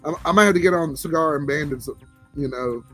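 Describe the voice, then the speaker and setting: A man's voice: on the high side, fairly quick, pushed and bright. A man with a Southern drawl hosting a casual livestream chat, laid-back and chuckling as he greets viewers. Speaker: livestream host. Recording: faint background music.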